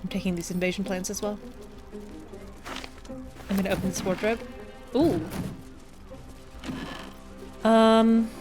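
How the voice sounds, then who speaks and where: A woman's voice: mid-range voice, steady tone, slow pace, long pauses, over music. A woman streaming a video game, reading its text aloud with wry, chatty asides.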